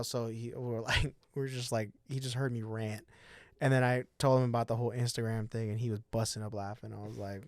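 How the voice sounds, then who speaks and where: Give me a man in his twenties swearing and laughing through podcast stories, mid-pitched. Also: a little fast, no room sound, clean studio sound. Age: 20s. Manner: profane, laughing, animated storytelling. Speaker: podcast guest. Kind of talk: casual podcast chat. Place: podcast studio.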